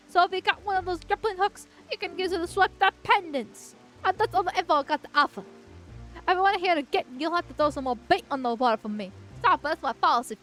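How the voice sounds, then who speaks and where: A talking fish from an adventure game, male, chatty and pushy, throwing out tips in loud slangy bursts, as a woman puts him on. His voice sits high and bright above her own, with a faint music bed behind. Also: full character voice.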